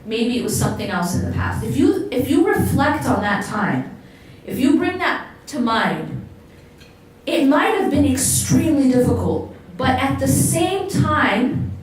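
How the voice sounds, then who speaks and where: A woman's voice: sits high, very animated, a little slow. A woman giving a religious lecture to a live audience, talking conversationally and asking the listeners questions. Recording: echoey hall, voice from far off, faint noise.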